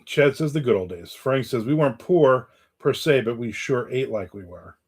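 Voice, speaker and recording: A middle-aged man from New Jersey hosts a casual livestream chat. He rambles between stories and viewer comments. His manner is blunt and jokey, and his voice sits at an ordinary pitch. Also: animated, moderate pace, slightly rough. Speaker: livestream host.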